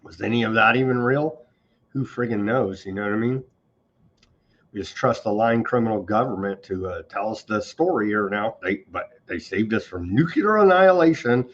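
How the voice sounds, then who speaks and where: Male host, medium pitch, biting sarcasm, muffled lo-fi recording. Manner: sarcastic, mocking, scornful of government. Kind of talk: sarcastic on-this-day news commentary.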